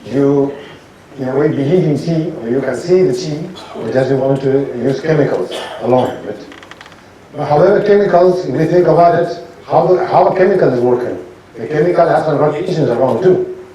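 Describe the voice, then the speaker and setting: A man's voice: fairly high pitch, lively intonation, moderate pace, warm tone, dull audio. A man, a doctor, explaining ideas step by step and often checking in with "right?". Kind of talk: explanatory talk. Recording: very echoey room, distant mic, faint ambience.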